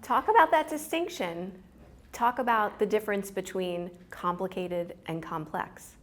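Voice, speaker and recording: A woman interviewing an author, asking questions in an appreciative, affirming, and measured way. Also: medium pitch.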